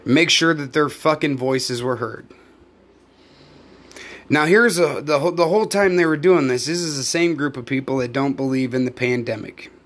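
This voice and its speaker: A man's voice: medium pitch, normal speed, fairly bright tone. A man, hosting a podcast, ranting alone in a heated and profane way. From United States. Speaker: podcast host; live performer. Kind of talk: angry solo rant.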